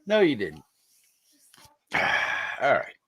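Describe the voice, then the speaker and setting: A man's voice: medium pitch, wildly swooping pitch, extremely slow, sharp tone, husky. A male host in casual live-stream chat, weary and sarcastic.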